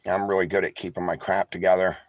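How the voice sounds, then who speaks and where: Man, tired, candid rambling vlog talk, low voice, dry close recording. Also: little pitch movement, fast, no room sound. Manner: candid, rambling, sarcastic, swears freely. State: tired, emotional. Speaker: vlogger. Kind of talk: casual talk to viewers, reading live chat. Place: in a vehicle.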